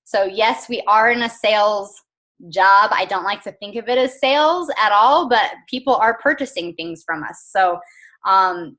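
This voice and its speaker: Bright-voiced chatty woman coaching her team. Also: mid-range voice. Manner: chatty and earnest, with frequent fillers and small laughs. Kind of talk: casual motivational team call.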